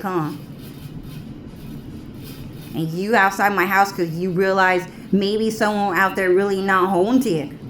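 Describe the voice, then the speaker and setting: A woman's voice: lowish voice, noisy background. A woman talking to her viewers in a rambling, profane monologue that keeps circling back on itself. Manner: profane, repetitive, drawling. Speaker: vlogger.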